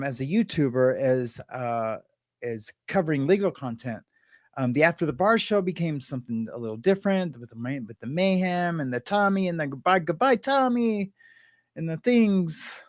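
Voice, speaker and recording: A man with a fairly high voice hosts a casual live stream from home. He rambles in a loose, joking way and greets viewers in the chat by name. The sound is dry and close, with no room echo. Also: a little mellow. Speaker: live-stream podcast host.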